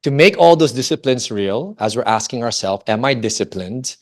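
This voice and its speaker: In a mid-range voice at a moderate pace, a man in his forties from the Philippines shares a personal story during a Christian talk on family. As a family ministry speaker, he's lively and animated, repeatedly asking the audience questions.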